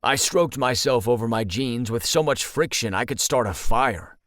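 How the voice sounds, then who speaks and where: A man narrating a first-person audiobook in a steady, even storytelling read. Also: mid-range voice, moderate pace, no echo, clean studio sound.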